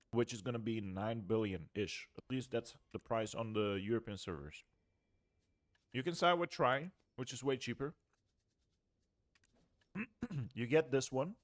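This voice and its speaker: Casual young man explaining a game. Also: mid-range voice. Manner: loose and chatty, trails off and restarts. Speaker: game streamer. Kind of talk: casual gameplay walkthrough.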